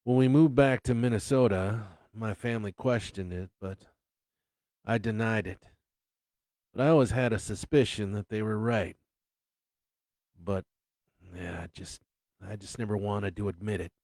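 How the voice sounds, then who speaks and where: A man voicing an aging father, a weary, awkward ex-serviceman, who speaks in halting, apologetic fits. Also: fairly low pitch, a little mellow, dry recording.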